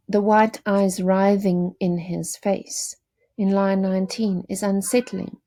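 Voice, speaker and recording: A woman delivers a recorded literature lesson in a measured, explanatory way, pausing now and then to correct herself. Her voice has a gravelly edge and a dark, mellow tone. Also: mid-range voice. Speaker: teacher.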